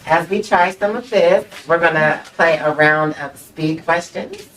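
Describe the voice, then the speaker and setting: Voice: medium pitch, measured pace, a bit bright. Upbeat, teasing talk show host. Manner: upbeat, teasing, giggles often. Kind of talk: casual interview chat. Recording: distant mic with faint background noise.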